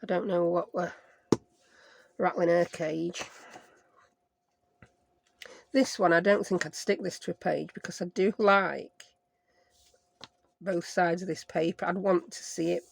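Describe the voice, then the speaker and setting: Gravelly-voiced chatty Sheffield woman. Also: on the low side, steady tone, unhurried, pauses often, dry recording. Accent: Sheffield English. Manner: rambling, self-mocking chatter with playful made-up words. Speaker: craft vlogger. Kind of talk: chatty craft-along narration.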